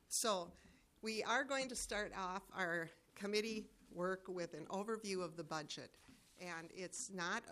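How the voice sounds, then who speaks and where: A woman's voice: lowish voice, fairly bright tone, slight background noise. Woman chairing a committee hearing. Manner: measured, with frequent fillers and restarts. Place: hearing room.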